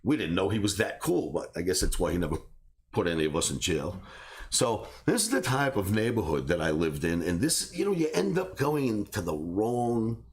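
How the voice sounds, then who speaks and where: Gravelly, animated male storyteller. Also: deep voice, moderate pace. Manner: animated, laughs through his own stories. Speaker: trading academy host. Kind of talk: casual personal storytelling.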